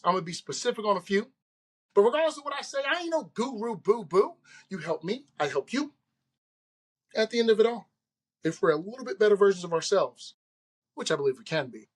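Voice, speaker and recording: A man's voice: sits high, a bit bright. A man hosting his own podcast, talking straight to listeners in an earnest, conversational way and laughing off his own slip-ups. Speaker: podcast host. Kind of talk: solo podcast monologue.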